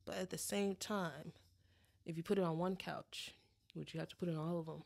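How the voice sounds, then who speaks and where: A woman co-hosts a relaxed pet podcast, her voice sitting on the low side. She talks in a loose, chatty way, filling pauses with ums and restarting her sentences. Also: creaky. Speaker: podcast co-host. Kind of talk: casual chat.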